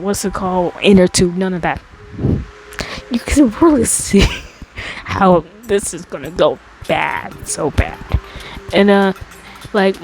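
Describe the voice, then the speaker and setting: A woman from America rambles through a childhood story in a casual storytime monologue, restarting often and using plenty of fillers. She gets exasperated, and her pitch rises high as she complains. Her voice is a little mellow, and the recording quality is low.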